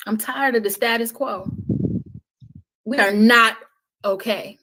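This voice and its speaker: Impassioned woman, loud to hushed. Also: fairly high pitch, slow pace, a little hiss or hum. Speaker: guest. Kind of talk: passionate podcast conversation.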